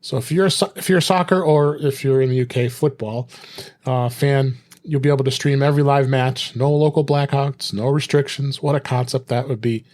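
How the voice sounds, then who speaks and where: A man hosting a casual tech podcast, relaxed and full of fillers as he reads out news. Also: medium pitch, brisk. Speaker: podcast host.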